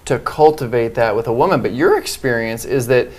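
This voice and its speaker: A man's voice: mid-range voice, brisk, a little mellow. A man hosting a panel talk, guiding the conversation and putting questions to a guest. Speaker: show host.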